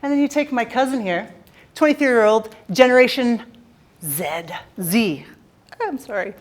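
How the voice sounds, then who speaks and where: A woman's voice: high-pitched, brisk. A Canadian woman giving a playful, jokey motivational talk on a conference stage, teasing the audience. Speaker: keynote speaker.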